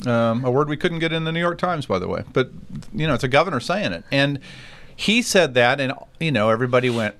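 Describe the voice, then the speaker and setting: A man recounts events in a casual politics podcast, animated and quick to act out what others said. His voice sits at an ordinary middle pitch. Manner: animated storyteller, quotes people.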